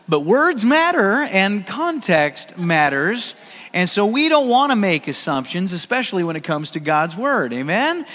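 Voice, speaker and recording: High-voiced American pastor preaching. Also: male voice, very animated, unhurried, a bit bright, in a large hall. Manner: conversational, joking, emphatic. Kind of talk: sermon. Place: church sanctuary.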